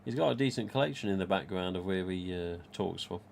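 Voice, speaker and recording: A man's voice: deep voice, quick pace, gravelly, darkish tone, slight background noise. A man, hosting a casual live stream about collectible masks and reading viewer comments aloud in a rambling, chatty way.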